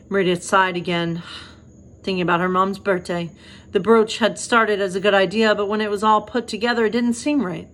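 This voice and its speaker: A woman pastor reads bedtime stories aloud at an easy pace. Her pitch sits in the middle, and she slips into chatty, self-deprecating asides between passages. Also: fairly even intonation, a little fast, a bit bright. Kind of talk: bedtime story reading.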